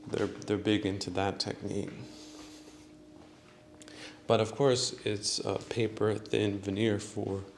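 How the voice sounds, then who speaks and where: A male podcast host talking on his own in an unhurried, rambling way. His voice sits low and has a gravelly fry, and he fills gaps with lots of ums and uhs. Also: flat delivery, a little hiss or hum. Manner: rambling, many fillers, chuckles at own jokes. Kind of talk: solo podcast monologue.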